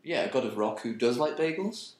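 A man's voice: medium pitch, expressive, brisk. A man chatting casually on a podcast, teasing and playfully ranting. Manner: jokey, teasing, mock-outraged rants. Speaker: podcast co-host. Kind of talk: casual chat. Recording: roomy echoey sound.

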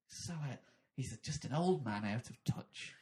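A man's voice: lively intonation, a little slow, a little mellow. A man hosting a comic podcast, rambling and slipping into mock stand-up bits. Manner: rambling, doing mock stand-up routines in a high put-on voice. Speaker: podcast host. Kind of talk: comic improvised podcast chat.

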